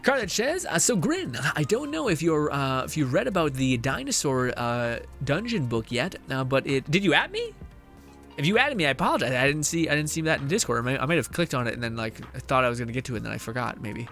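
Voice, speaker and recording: A man's voice: mid-range voice, big pitch swings, quick pace, fairly bright tone, faint music behind. A male streamer chatting casually and reading viewer messages aloud, tired and mentally drained, laughing often and swearing.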